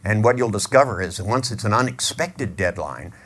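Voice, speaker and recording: A middle-aged man gives a humorous motivational talk to a live audience as a seminar speaker, joking and acting out little scenes in his stories. His fairly low, expressive voice is a little fast with a fairly bright tone.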